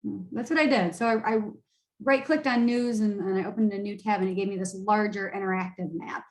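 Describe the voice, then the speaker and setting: A woman's voice: medium pitch, brisk, roomy sound, rough recording. A woman, a college instructor, giving a tired, casual screen-share lecture full of fillers and restarts. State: tired, yawning.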